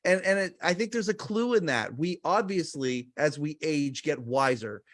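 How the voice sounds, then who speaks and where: A man's voice: a little high, moderate pace. Emphatic man in his forties. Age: 40s. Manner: emphatic, energetic, speaks to listeners directly. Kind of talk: podcast conversation.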